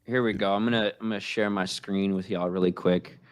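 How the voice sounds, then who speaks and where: A man's voice: deep voice, fairly even intonation, fairly quick, no room sound. A man guesting on a podcast in casual chat, rambling and emphatic with many restarts.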